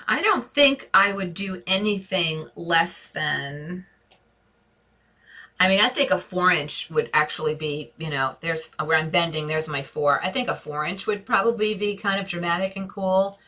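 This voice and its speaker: Bright-voiced New York woman. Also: lowish voice, a little slow. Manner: chatty and effusive, calls viewers babe and divas, thinks aloud with restarts. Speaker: interior design host answering viewer questions. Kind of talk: casual live-stream Q&A.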